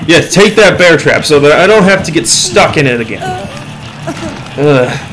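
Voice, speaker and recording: A lively teenage boy with a fairly high voice that swings up and down a lot, narrating his game in an excitable, self-mocking way. He yells at teammates one moment and chatters the next. Game music plays clearly behind him. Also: moderate pace, rough recording. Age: teens. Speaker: gamer. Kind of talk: let's play commentary.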